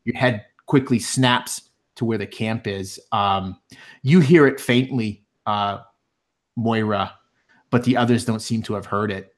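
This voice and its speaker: A man narrating a tabletop game as game master, speaking haltingly with frequent pauses and fillers. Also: lowish voice.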